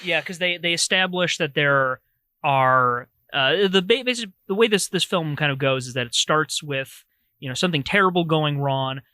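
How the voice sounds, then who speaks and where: Man, podcast co-host, bright edgy voice, fairly high pitch, rambling casual review. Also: no echo. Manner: rambling, restarts, many "like"s. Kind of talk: casual film review chat.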